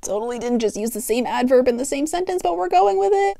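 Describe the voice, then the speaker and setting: A woman's voice: high voice, very animated, fast, vocal fry, hardly any pauses, dark tone, no room sound. A young woman reading her old story aloud with giggly, self-mocking commentary, close to the mic. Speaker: youtuber.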